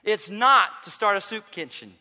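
A man preaching a sermon as pastor, swinging from quiet pleading to loud emphatic bursts. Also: high voice, normal speed, long reverb tail. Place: church sanctuary.

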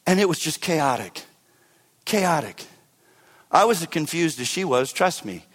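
Man, pastor preaching, animated delivery, loud peaks and quiet asides, long hall reverb. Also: fairly high pitch, measured pace, husky. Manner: animated preaching, swinging between loud emphasis and hushed asides. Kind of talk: sermon.

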